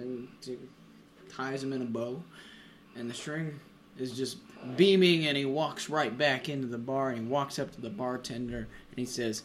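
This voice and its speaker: A man telling jokes casually among friends, animated and laughing as he goes. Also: medium pitch, moderate pace, slight background noise, poor audio. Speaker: joke teller.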